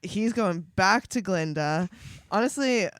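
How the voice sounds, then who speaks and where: A woman's voice: medium pitch, lively intonation, slow pace, dry recording. Profane rambling woman podcast regular. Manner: rambling, profane, laughs often. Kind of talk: casual podcast chat.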